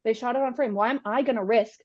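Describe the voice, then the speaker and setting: A young woman guest tells her stories with animation, leaning on "like" as she goes. Her voice sits a little high. The recording sounds dull and lo-fi. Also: fast talker. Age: young adult. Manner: animated, fills with "like". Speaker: podcast guest. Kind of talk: casual storytelling chat.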